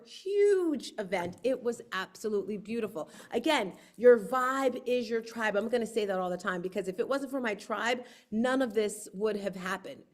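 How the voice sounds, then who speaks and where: A woman hosting her book launch on a livestream, telling lively stories and acting out quotes. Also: on the high side. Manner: lively storyteller, acts out quotes. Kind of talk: casual livestream talk.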